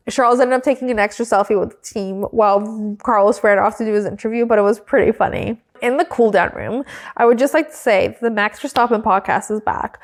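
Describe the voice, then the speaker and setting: A woman co-hosting a podcast, recapping in a casual, chatty way and filling her talk with "like", now and then giggling. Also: fairly high pitch. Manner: chatty, peppered with "like", breaks into giggles. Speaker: podcast co-host.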